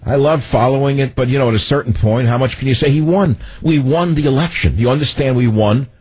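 An older man hosting political talk radio, ranting in a loud, commanding voice. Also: mid-range voice, fast talker, no room sound. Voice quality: husky. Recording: dull lo-fi radio broadcast.

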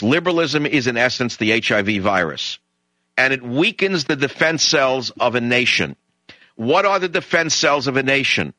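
A middle-aged man holds forth in an emphatic, indignant talk radio monologue, hammering his points home in long lists. His tone is bright and forceful, and the sound is close and dry, with no room around it. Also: medium pitch, dry recording, low-quality recording.

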